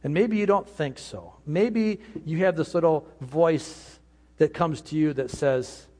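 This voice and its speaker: A man's voice: fairly high pitch, a little slow, warm tone. A man preaching an earnest sermon as pastor, sometimes voicing imagined speakers.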